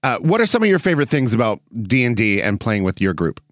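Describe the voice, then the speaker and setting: A man hosting a casual podcast interview, relaxed and sprinkling in "uh" as he talks. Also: mid-range voice, fast, no echo, studio quality. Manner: relaxed, uses filler "uh" often. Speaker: podcast host.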